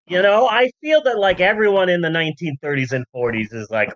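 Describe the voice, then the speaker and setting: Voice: mid-range voice, animated, fairly quick, a bit bright, dry recording, dull audio. A podcast host telling history in a rambling, jokey way, full of asides and silly voice bits. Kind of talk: comedic history podcast chat.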